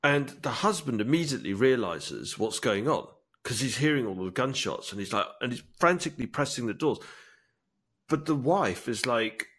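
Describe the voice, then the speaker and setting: A man's voice: medium pitch, a bit bright, husky. A man chatting casually as a podcast co-host, eagerly retelling a movie scene in detail. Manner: enthusiastic storytelling, acts out film lines. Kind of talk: casual chat.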